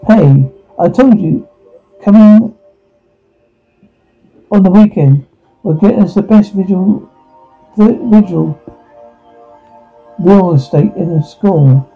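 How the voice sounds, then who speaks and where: Man, higher pitch, husky and gravelly; reads every role and the sound cues himself; dull lo-fi take, faint music under it. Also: slow pace, long pauses. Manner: reads sound cues aloud between lines. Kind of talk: reading all parts of a teen drama scene aloud. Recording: dull lo-fi recording.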